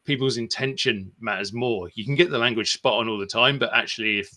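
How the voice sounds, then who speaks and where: Male podcast host, bright tone, thoughtful, casual interview chat. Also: mid-range voice, a little fast.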